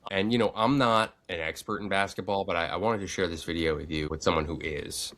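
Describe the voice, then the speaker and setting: Deep-voiced man in casual podcast chat. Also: fairly quick, a bit bright. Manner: loose storyteller, does funny voices. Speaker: podcast host.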